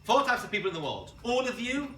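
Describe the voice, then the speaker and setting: A man teaching a college class as a rabbi, lively and quizzing his students, correcting himself as he goes. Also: very high voice, fast, slight background noise. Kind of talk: classroom lecture. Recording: roomy classroom picked up from a distance.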